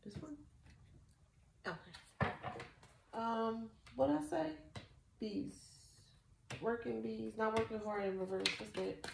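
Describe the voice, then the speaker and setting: A woman's voice: on the high side, takes it slowly, vocal fry, long pauses, noisy background. Blunt, cussing woman reading tarot. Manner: blunt, profane, mocking, laughs often. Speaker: tarot reader. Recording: echoey room.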